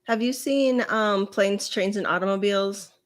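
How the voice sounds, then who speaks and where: A woman in her forties hosting a podcast, telling stories in a relaxed, rambling way. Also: mid-range voice, moderate pace. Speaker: podcast host. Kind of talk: casual chat.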